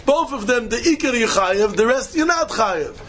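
High-voiced man teaching Talmud. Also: animated, moderate pace, a bit bright, slight background noise. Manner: questioning, repeats key points to press them. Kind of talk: Talmud study lecture.

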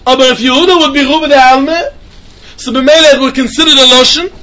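Man, Talmud lesson, very high voice, rapid sing-song delivery. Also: fairly even intonation, bright, forceful tone. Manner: quick sing-song study chant, mixing English with Hebrew and Yiddish. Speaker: Talmud teacher. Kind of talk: yeshiva-style Talmud lecture.

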